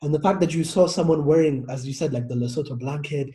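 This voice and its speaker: A man's voice: fairly high pitch, fast, dark tone. A man from Africa speaking earnestly in a casual discussion, stressing his points and checking in with "right?". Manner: earnest and emphatic, peppered with "right?".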